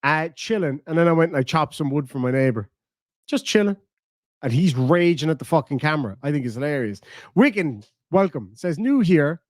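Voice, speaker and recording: A man's voice: on the high side, lively intonation, fairly quick, no room sound, clean studio sound. An Irish man hosting a live stream, mocking a rival with profane, jokey banter. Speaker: live-stream host reacting to clips. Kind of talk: casual live-stream commentary.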